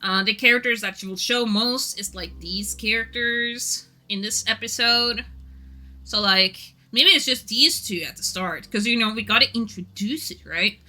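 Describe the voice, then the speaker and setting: A woman's voice: fairly high pitch, a little slow, pushed and bright. A Norwegian-speaking woman streaming casually, rambling and giggling often while chatting to viewers. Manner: giggly, rambling, self-deprecating.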